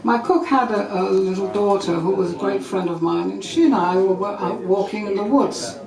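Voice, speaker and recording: A woman's voice: mid-range voice, normal speed, gravelly, a crowd in the background. Wry woman telling a true story. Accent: somewhat English. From Brazil. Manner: wry, animated, amused. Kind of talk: live storytelling. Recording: echoey room with audience.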